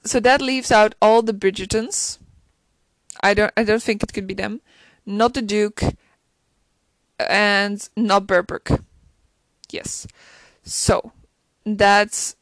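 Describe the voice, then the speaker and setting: A woman's voice: medium pitch, slow pace, long pauses, no room sound. A woman chatting casually and gushingly about a TV episode, full of restarts. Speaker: show reviewer.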